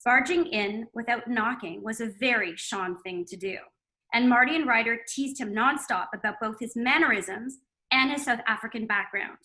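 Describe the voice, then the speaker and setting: A woman's voice: fairly high pitch, normal speed, bright, forceful tone, rough recording. A woman co-hosting a book chat, reading a passage from her novel aloud. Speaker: co-author and co-host.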